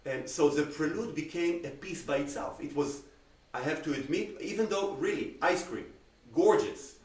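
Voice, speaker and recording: A man with an Israeli accent giving a cello masterclass critique, animated and full of everyday comparisons. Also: a little high, normal speed. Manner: animated, uses everyday comparisons and acted-out examples. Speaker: cello teacher. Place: room on a video call. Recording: roomy sound, distant from the mic.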